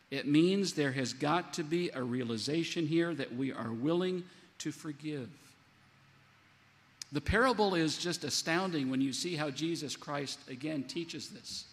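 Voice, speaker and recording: A man preaching a sermon in a lively, animated way, acting out the lines he quotes. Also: a little high, vocal fry. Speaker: pastor. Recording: long hall reverb.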